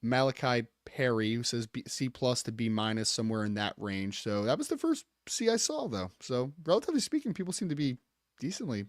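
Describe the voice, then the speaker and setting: A man's voice: mid-range voice, very animated, fairly quick, no echo, studio quality. A man co-hosting a sports podcast, speaking casually and reading viewer comments off a list.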